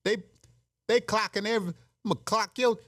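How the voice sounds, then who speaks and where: A man's voice: high voice, fairly even intonation, normal speed, a bit bright, no room sound. Brash man joking in a dry room. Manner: brash, joking, laughs at his own bits. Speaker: podcast host. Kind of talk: casual comedic monologue.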